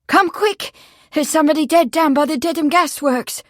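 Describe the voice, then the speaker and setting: A woman voicing a thin, freckled young boy who is out of breath and urgent as he shouts for the constable. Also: sits high, normal speed, dry recording, studio quality, pitched above the performer's own voice.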